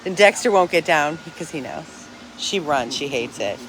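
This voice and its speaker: A woman's voice: low voice, animated, normal speed, music in the background. A woman who runs a dog rescue, talking to her followers outdoors in an earnest, emphatic, chatty way. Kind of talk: casual vlog to followers.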